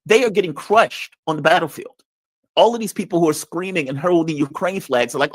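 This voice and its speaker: Man, political commentator, fairly high voice, dry close sound, blunt, mocking. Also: fairly quick, breathy edge, no room sound. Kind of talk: heated political discussion.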